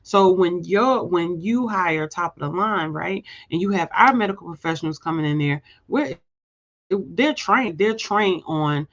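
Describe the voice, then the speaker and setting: A woman giving a motivational live-stream talk with preachy emphasis, circling back to repeat her points and checking in with "right?". She speaks straight to her viewers and calls them "y'all". The audio is dull and muffled, like a low-fi stream. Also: a little slow. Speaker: host of a live show; healthcare staffing agency owner.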